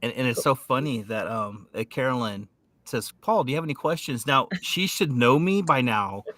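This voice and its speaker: Bright-voiced joking British man. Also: mid-range voice, expressive, normal speed, no echo. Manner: joking, stumbling restarts. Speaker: co-host. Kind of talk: casual chat.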